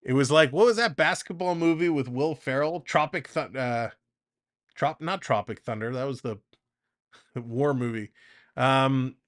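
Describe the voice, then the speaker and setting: A man gives relaxed live play-by-play on a fan stream, drifting into off-topic chatter between pitches and laughing a lot.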